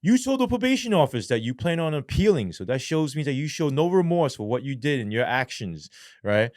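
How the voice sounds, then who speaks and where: A man's voice: on the high side, big pitch swings, a little fast, darkish tone, no echo, clean studio sound, pitched above the performer's own voice. A man putting on a stern judge passing sentence, in a clipped, formal manner. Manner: clipped, formal, pronouncing judgment. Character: stern older male judge handing down a sentence.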